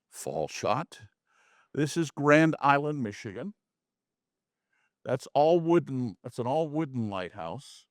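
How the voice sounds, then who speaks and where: A man's voice: mid-range voice, dry recording, studio quality. A man giving a casual slide talk about his photographs to a small audience, chatty, with folksy asides and jokes. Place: community meeting room.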